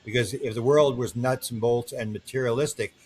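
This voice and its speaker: An older man guests on an interview podcast, spinning long stories and acting out the voices of the people in them with animated flair. His voice is mid-range and fairly quick, and the recording carries a little hiss or hum.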